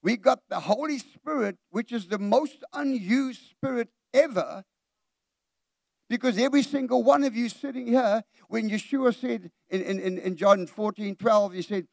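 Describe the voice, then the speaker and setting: A man's voice: very high voice, normal speed, creaky, no echo, studio quality. A middle-aged man preaching a sermon in a church. He preaches with animation, puts questions straight to the congregation and acts out the voices he quotes. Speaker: pastor.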